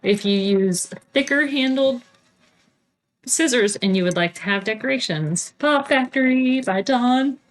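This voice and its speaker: On the high side and unhurried, a woman co-hosts a cross-stitch video podcast. She chats casually and bubbly, leaning on lots of fillers while displaying her craft supplies; a TV can be heard playing.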